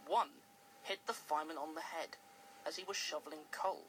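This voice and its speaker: A storyteller reading a children's storybook aloud with expressive delivery. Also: mid-range voice, fairly quick, slight background noise, poor audio. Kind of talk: storybook narration.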